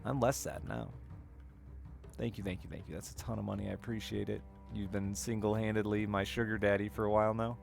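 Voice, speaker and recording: A man's voice: lowish voice, steady tone, a little fast, gravelly, faint music behind. A man streaming and chatting with viewers, telling candid, rambling personal stories with frequent laughs. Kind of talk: casual chat with stream chat.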